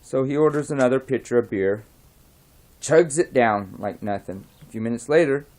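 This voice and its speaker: A man casually telling a long pub joke, rambling with frequent restarts and often soft-spoken. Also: medium pitch, moderate pace. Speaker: joke teller.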